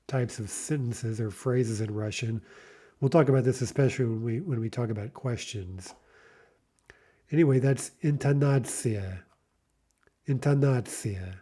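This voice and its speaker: A man teaching a vocabulary lesson, saying each word slowly and repeating it, with patient explanations. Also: mid-range voice, warm tone. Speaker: language teacher.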